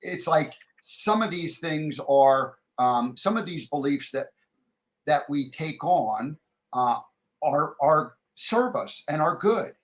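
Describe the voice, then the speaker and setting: A man with a slightly high-pitched voice hosts an interview. He reflects aloud and steers the conversation back to its thread. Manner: reflective, steers the talk with brief affirmations. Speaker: host. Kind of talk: interview talk.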